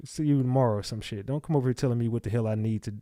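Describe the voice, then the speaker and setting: A man's voice: medium pitch, very fast, dark tone, no room sound, studio quality. A man hosting a livestream, reading chat comments aloud and snapping back at viewers in blunt, profane casual talk. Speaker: livestream host.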